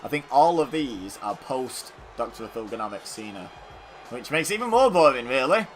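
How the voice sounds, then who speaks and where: A man's voice: mid-range voice, sing-song, normal speed, a little hiss or hum. Chatty man commentating a game. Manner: chatty, self-deprecating, rambling with fillers. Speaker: gaming YouTuber.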